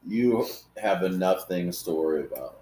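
Deep-voiced man in an echoey room. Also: animated, normal speed, warm tone. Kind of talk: casual podcast chat. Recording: roomy echo.

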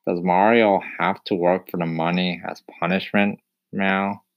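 A man voicing an impatient male cat in an audiobook, dry and deadpan. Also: low-pitched, measured pace, highs cut off. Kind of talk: audiobook character voice.

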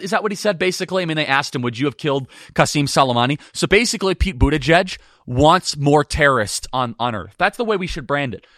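Guy doing punchy political commentary, kinda high voice, dry close sound. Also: a bit bright, dry recording. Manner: emphatic, quick and combative. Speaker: podcast host.

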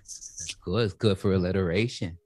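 A man's voice: deep voice, moderate pace, a little mellow, no room sound. A man who is a parent, chatting casually with a wry, dry sense of humor. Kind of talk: casual chat.

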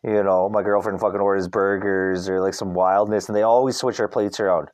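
A man's voice: deep voice, fairly even intonation, a little fast, darkish tone. A young man from Canada hosting a podcast, rambling in a casual rant and swearing constantly. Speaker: podcast host. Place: Vancouver.

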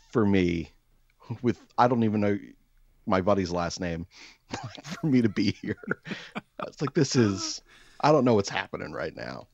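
Low-voiced male storyteller, comic and self-deprecating, quick to act out other people's lines; dull, dry recording. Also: lively intonation, vocal fry, a little mellow, no echo. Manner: rambling, self-deprecating, jumps into exaggerated quoted voices.

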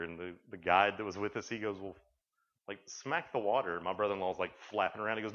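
A man with a low, fairly bright voice speaks at normal speed with fairly even intonation. As a youth speaker, he tells stories in a folksy, chatty sermon and acts out quoted dialogue. The recording sounds dull and lo-fi.

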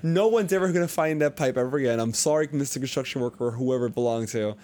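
A young man casually telling a long, animated story on a podcast, swearing freely and acting out what people said. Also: medium pitch, quick pace. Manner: animated, profane, acts out quotes. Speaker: podcast co-host.

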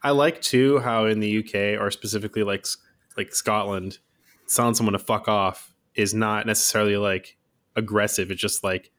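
A man in his thirties chats on a podcast in a fairly low voice. He is laid-back and easygoing, laughing often and leaning on fillers as he talks. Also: fairly even intonation, normal speed, fairly bright tone. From San Francisco Bay Area, USA. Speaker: podcast co-host. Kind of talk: casual podcast chat.

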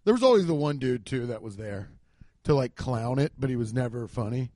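A man doing a casual comedic rant, profane and excitable, acting out the voices of people he quotes, on a handheld mic. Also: mid-range voice, a little fast, dry recording. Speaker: stand-up comedian. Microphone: handheld microphone.

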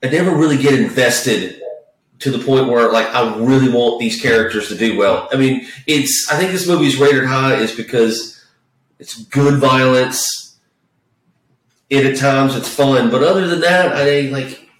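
A man's voice: mid-range voice, unhurried. A man chatting casually about movies, rambling and swearing with many false starts. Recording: echoey room, far from the mic.

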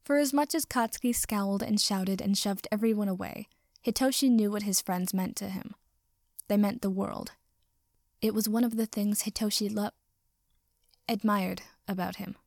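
A woman narrating a story in a measured, even reading. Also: mid-range voice, creaky, no room sound, studio quality.

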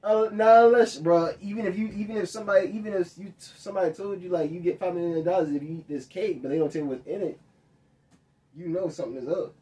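A man's voice: high-pitched, fast, mellow, distant mic. A man co-hosting a podcast, trading teasing, laughing banter in casual chat. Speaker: podcast co-host.

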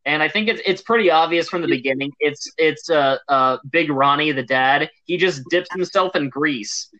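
A man chatting on a podcast, his voice a touch higher than most men's. He rambles, restarts and leans on fillers as he tells a story. The sound is dry and close, with no room around it. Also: moderate pace, sharp tone, dry recording, highs cut off. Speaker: podcast co-host. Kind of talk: casual chat about movies.

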